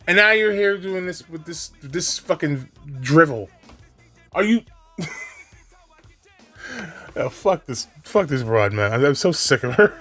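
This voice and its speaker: A man's voice: sits high, lively intonation, a little slow, pauses often, pushed and bright, soft background music. A man hosting a reaction commentary, ranting in a profane, exasperated, mocking way. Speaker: commentary host.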